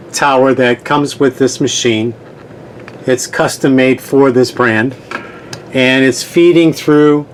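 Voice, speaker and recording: A man's voice: mid-range voice, a little hiss or hum. A man hosting a sewing tutorial, giving patient step-by-step instructions and repeating key points.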